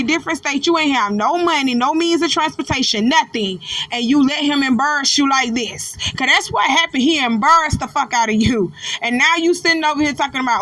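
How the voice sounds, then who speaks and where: Woman, reaction vlog host, high voice, bright sharp tone, blunt and profane. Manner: talks straight to the viewers. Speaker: host reacting to a viral clip. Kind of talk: casual reaction commentary.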